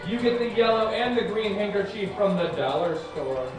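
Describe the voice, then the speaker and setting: A high-pitched man talks at normal speed, performing as a children's magician at a live show in an orchard. He's playful, chanting, and feigns surprise, and the recording sounds distant and echoey, with music and a crowd around him.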